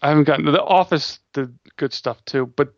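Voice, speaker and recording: A man's voice: a little high, brisk, no room sound. A man co-hosting a casual late-night podcast chat, making dry, matter-of-fact remarks. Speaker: podcast co-host. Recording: dull lo-fi dry recording.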